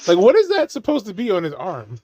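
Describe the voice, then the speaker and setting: A man's voice: high voice, wildly swooping pitch, brisk, a little mellow. A man giving casual watch-along commentary on a movie, laughing often and swearing freely as he riffs jokes.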